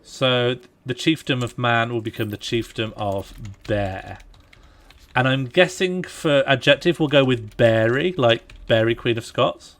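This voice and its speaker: Male streamer, mid-pitched, relaxed, jokey, thinking out loud over gameplay. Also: measured pace. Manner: relaxed, jokey, thinking aloud while playing. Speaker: streamer playing a strategy game. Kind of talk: casual live-stream chat.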